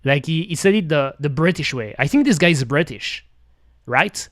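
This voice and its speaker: Rambling male streamer, slightly high voice. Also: lively intonation, normal speed, a bit bright. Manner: rambling, many fillers and restarts, non-native grammar slips. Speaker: streamer reacting to a video. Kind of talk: casual chat.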